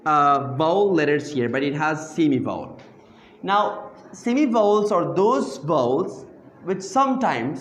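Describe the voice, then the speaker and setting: High-voiced man teaching grammar, echoey. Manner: questioning, repeats phrases and asks the class to answer back. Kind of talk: classroom grammar lesson. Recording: echoey room.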